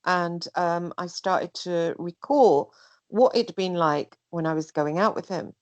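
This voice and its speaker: A woman telling a personal story in casual chat, rambling and animated, sometimes mimicking other people. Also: lowish voice, a little slow, no echo. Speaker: guest.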